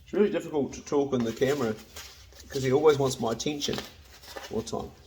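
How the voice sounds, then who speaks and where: A man's voice: mid-range voice, quick pace, a little mellow, slight background noise. A New man in his fifties chatting casually to camera in his home kitchen, blunt, swearing freely and laughing easily. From New Zealand. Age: 50s. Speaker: hunting and cooking vlogger.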